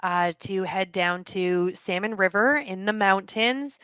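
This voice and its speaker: Smooth-voiced heartfelt woman guest. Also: mid-range voice, a little slow, fairly bright tone, no room sound, muffled recording. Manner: open, heartfelt, hesitant with many ums. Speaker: podcast guest. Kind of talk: casual interview chat.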